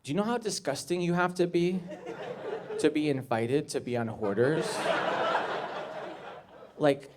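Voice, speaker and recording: Male stand-up comic, slightly high voice, awkward rambling delivery, live club audience noise. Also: unhurried, pauses often. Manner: awkward, rambling, deadpan asides. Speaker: stand-up comedian. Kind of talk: stand-up comedy set. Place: comedy club stage. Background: audience laughter.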